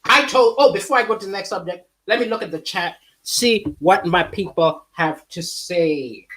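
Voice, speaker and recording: A man doing a livestreamed stand-up comedy monologue from home. He talks in an animated way, with big swings in pitch and chuckles between jokes. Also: normal speed.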